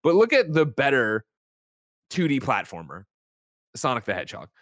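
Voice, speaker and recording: A man co-hosting a casual talk show, animated and rambling, swearing and laughing as he goes. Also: medium pitch, no room sound, studio quality. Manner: rapid rambling with quick asides. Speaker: podcast co-host. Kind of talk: casual chat.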